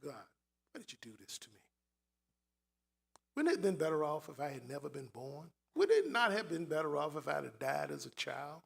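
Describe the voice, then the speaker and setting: A grieving righteous old man, Job, pours out his losses, as a preacher takes on his voice. The voice is high and bright, rising into loud cries and falling to near-hushed pleading. He speaks slowly, with wide swings in pitch. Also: big pitch swings, vocal fry, exaggerated voice. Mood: forsaken. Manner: dramatic first-person lament, swinging from loud to hushed. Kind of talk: dramatic sermon monologue.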